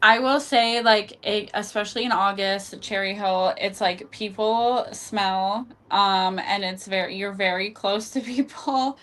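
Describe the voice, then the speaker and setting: A woman's voice: medium pitch, fairly even intonation, measured pace, hardly any pauses, fairly bright tone. A woman guesting on a podcast, chatting casually and filling her speech with "like". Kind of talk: casual chat.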